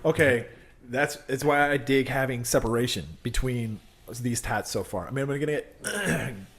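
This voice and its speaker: A man hosting a podcast, telling stories in casual chat, swearing freely and acting out quoted people loudly. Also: medium pitch, normal speed, slightly rough. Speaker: podcast host.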